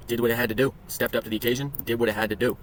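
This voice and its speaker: A man's voice: medium pitch, little pitch movement, very fast, slight background noise. A man giving casual, crude and joking commentary while reviewing his trading charts, with profane rambling asides. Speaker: day trading vlogger. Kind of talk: casual screen-share commentary.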